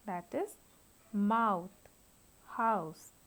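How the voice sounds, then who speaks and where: A woman's voice: medium pitch, drawn-out words, a bit bright, poor audio. A woman teaching a phonetics lesson, carefully spelling out sounds and syllables with examples. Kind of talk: slow classroom lecture.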